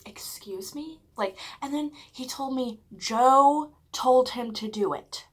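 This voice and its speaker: A woman vlogger telling a story casually while eating, chatty and full of "like", swearing often and dropping into hushed whispers at dramatic moments. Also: high-pitched, slow. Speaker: mukbang vlogger.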